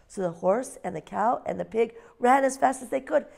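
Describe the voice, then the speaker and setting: A woman teacher leading a phonics lesson with young children and reading them a story in a slow, sing-song way. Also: on the high side, gravelly, a little mellow. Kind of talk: phonics lesson and read-aloud.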